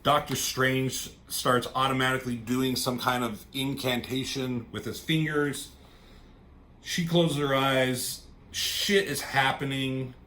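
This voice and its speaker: Bright-voiced man rambling about comics. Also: mid-range voice, slow pace. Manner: rambling, excited, swears casually. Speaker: comic book reviewer. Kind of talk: casual chat.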